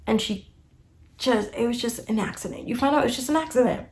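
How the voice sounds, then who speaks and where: A young woman casually reviewing books, emotional and animated, full of fillers like "like" and "you know.". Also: on the high side, brisk, a little hiss or hum. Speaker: book reviewer. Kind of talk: casual book review chat.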